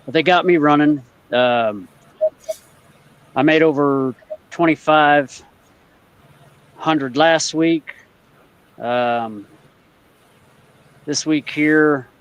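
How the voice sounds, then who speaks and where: A man's voice: medium pitch, poor audio. A man who drives trucks, talking casually in a matter-of-fact way. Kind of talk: casual chat.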